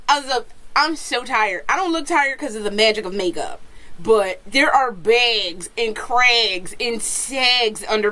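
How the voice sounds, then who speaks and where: A young woman from Florida vlogging at home about video games, swearing freely in slang and breaking into screams of joy. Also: a little high. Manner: profane, slangy, bursts into screams of excitement. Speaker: gaming vlogger. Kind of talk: excited casual vlog rant.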